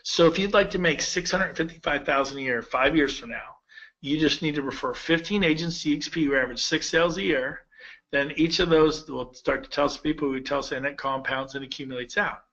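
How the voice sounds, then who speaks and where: A man in his fifties giving a persuasive sales pitch to real estate agents, telling stories with quoted dialogue. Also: a little fast, fairly bright tone, dull audio. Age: 50s.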